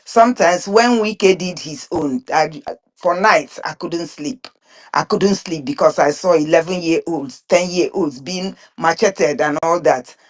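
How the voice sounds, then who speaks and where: A woman with a voice pitched a little low speaks to an online group. She is earnest and emphatic, but her phrases halt and restart as she repeats words mid-thought. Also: measured pace. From Nigeria (Biafran region). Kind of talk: impassioned spoken commentary.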